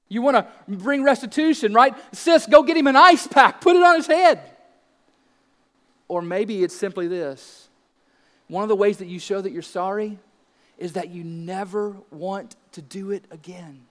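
A man's voice: high voice, in a large hall. A man in his thirties preaching a sermon as pastor, earnest and emphatic, asking rhetorical questions.

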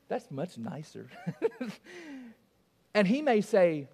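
A man's voice: sits high, big pitch swings, slow, vocal fry, pauses often, a little mellow, long reverb tail. A male pastor preaching a sermon. He is emphatic, repeats key phrases and asks the congregation rhetorical questions.

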